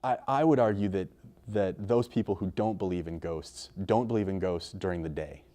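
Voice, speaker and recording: A man giving thoughtful, measured interview commentary. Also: low-pitched, warm tone. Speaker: folklorist or storyteller.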